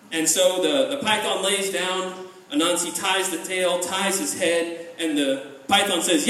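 Male folk tale teller, lively and chatty, high voice, off-mic in a reverberant room. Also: moderate pace. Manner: lively, conversational asides. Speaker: storyteller. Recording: echoey room, voice from a distance.

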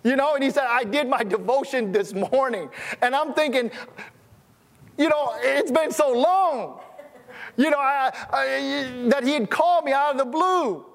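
A man's voice: very high voice, moderate pace, vocal fry, in a large hall. A man preaching as a pastor, telling stories in a conversational way and often restarting his sentences. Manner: conversational, storytelling, stammering restarts. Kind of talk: sermon.

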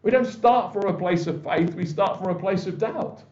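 A man's voice: high-pitched, normal speed, a little mellow. Man preaching in an echoey hall. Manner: conversational, with many restarts and quoted voices. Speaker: pastor. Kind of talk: sermon. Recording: echoey, dull church recording.

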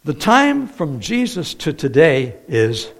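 A man's voice: on the high side, huge pitch swings, slow, vocal fry. A man preaching a sermon in a conversational way, often asking the congregation questions.

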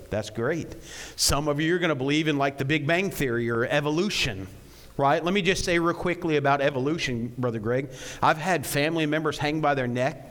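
A man preaches a sermon with animated storytelling and joking asides, often checking in with a quick "right?". His voice sits a touch high for a man. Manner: rhetorical questions, repeated "right?".

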